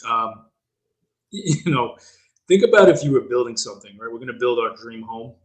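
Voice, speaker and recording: A man co-hosting a fatherhood podcast in relaxed, casual conversation. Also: medium pitch, moderate pace, low-quality recording. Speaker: podcast co-host.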